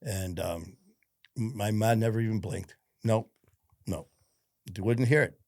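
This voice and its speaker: A man's voice: lowish voice, unhurried, darkish tone, dry recording, clean studio sound. A man from Detroit, a podcast guest who tells his story bluntly, swears freely and acts out the dialogue. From Detroit, USA. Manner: blunt, profane, retells events with quoted dialogue. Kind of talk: casual interview storytelling.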